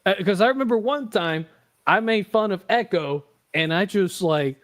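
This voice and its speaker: A man's voice: high-pitched, normal speed. A man hosting a casual podcast, rambling and joking with lots of swearing. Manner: rambling, profane and jokey. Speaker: podcast host.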